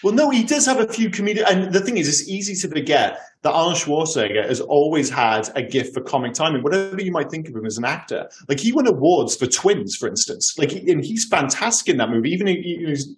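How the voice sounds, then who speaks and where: A man co-hosting a casual film podcast, talking eagerly and acting out lines from films. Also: mid-range voice. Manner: enthusiastic, acts out lines from films. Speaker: podcast co-host.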